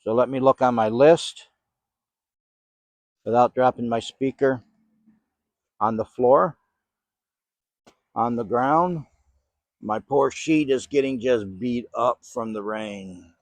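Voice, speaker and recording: Older male ghost hunter, mid-pitched, patient questioner in a rainy graveyard, dry close sound. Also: takes it slowly, pauses often, no echo. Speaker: paranormal investigator. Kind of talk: calling out questions to spirits. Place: cemetery outdoors in the rain.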